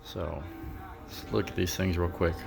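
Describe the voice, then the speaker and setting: A man with a fairly low voice chats offhand about his project car, pausing on fillers as he works things out. Faint music plays underneath. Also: little pitch movement, creaky, darkish tone. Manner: casual, offhand, thinks aloud with fillers. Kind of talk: casual workshop vlog.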